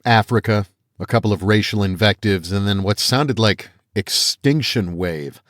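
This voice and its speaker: A man reading a first-person fantasy audiobook aloud in a measured storytelling manner, voicing the characters he quotes. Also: fairly low pitch, a bit bright, no room sound, studio quality. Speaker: audiobook narrator.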